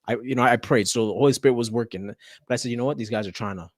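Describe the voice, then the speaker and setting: A man's voice: medium pitch, racing, no echo, clean studio sound. A man, a teacher, telling a story in casual chat, laughing often and acting out the people in it.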